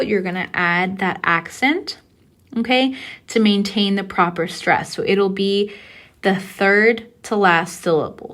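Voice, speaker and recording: Woman instructor, recorded lecture, patient and explanatory, mid-pitched. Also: fairly bright tone. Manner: patient, explanatory, checks in with "okay?". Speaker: Spanish teacher.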